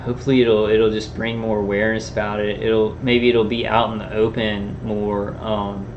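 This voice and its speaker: A man's voice: fairly low pitch, flat delivery, slight background noise. Rambling man on a dull recording. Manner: halting, many restarts and fillers. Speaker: vlogger. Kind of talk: rambling personal monologue. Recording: dull lo-fi sound.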